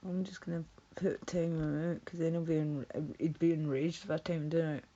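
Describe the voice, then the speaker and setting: A woman's voice: deep voice, little pitch movement, moderate pace, mellow, muffled recording, a little hiss or hum. A woman streaming live, casually chatting with viewers in a blunt, sweary, teasing way.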